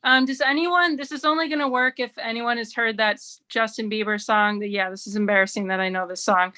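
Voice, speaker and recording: A woman doing a stand-up set at an online open mic. Her voice is bright and a little high, and she talks in a wry, chatty way full of "like"s. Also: steady tone, brisk. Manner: wry, chatty delivery with many "like"s. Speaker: stand-up comedian. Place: remote open mic over video stream.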